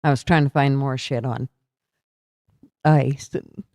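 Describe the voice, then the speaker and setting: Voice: mid-range voice, fairly even intonation, brisk, no room sound, clean studio sound. A livestream host in casual political chat, tired and yawning, talking loosely and answering viewer comments aloud.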